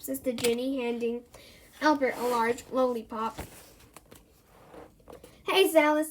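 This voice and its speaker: High-voiced woman reading a children's story. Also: moderate pace. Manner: voices characters with lively pitch jumps. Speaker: reader. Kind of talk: reading a children's book aloud.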